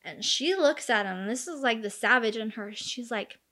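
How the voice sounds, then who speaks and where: A woman's voice: a little high, lively intonation, normal speed, sharp tone. A woman in her thirties casually recounting a true crime case, chatty and full of fillers, acting out the quoted lines. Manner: chatty, many fillers, acts out quoted dialogue.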